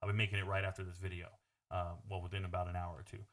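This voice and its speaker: A man's voice: deep voice, flat delivery, racing, a bit bright. A man talking through his sports betting picks in a casual, brash monologue, blunt and swearing freely as he addresses viewers as "bro.".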